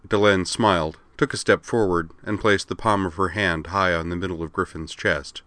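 A man reading a story aloud with steady, expressive narration. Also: low-pitched, moderate pace, hardly any pauses, no echo.

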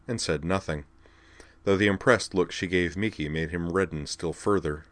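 A man reading a story aloud in an even, measured way. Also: deep voice, no room sound. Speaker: narrator. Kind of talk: audiobook narration.

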